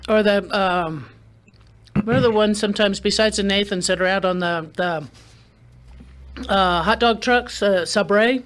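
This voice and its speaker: A woman's voice: medium pitch, a little slow, long pauses, soft background music. A woman hosting a gardening radio show, chatting casually with many restarts and fillers.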